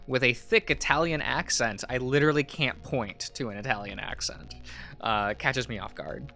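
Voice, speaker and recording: A man's voice: medium pitch, moderate pace, sharp tone, soft background music. A man streaming a visual novel, reading it aloud with chuckling asides.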